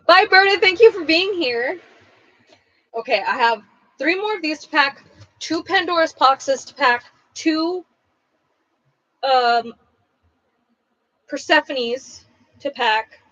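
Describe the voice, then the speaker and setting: A woman's voice: high voice, lively intonation, slow, pauses often, bright, forceful tone, dry recording, muffled recording. A woman who owns a craft shop, chatting casually on a livestream while she packs orders, rambling and blunt.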